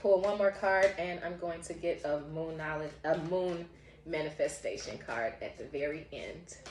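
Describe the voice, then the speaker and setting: Speaking at a normal speed in a low-pitched voice, a woman offers a casual spiritual tarot reading that's warm, heartfelt and encouraging, and she often bursts out laughing. The room sound is noticeable, with slight hiss or hum.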